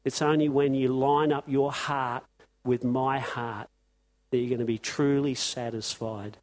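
A man's voice: mid-range voice, fairly even intonation, measured pace, darkish tone. A man preaching an impassioned sermon to his congregation, firing off rhetorical questions. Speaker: pastor.

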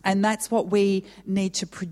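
A woman's voice: mid-range voice, flat delivery, a little slow, a little mellow. A woman pastor preaching a sermon, earnest and emotional, asking rhetorical questions of her congregation. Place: church. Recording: long hall reverb.

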